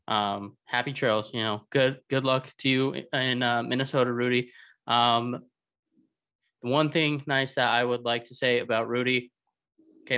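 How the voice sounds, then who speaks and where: A man's voice: mid-range voice, fairly bright tone. Sarcastic man, dry podcast banter. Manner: dry sarcastic, many ums. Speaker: co-host. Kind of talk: casual sports podcast chat.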